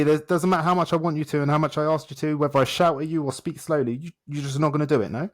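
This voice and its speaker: A man's voice: on the high side, fairly even intonation, racing, few pauses. A man, a coach and guest in an interview, telling stories animatedly and acting out dialogue in short repeated phrases. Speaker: self-development coach, guest. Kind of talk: conversational storytelling in a podcast interview.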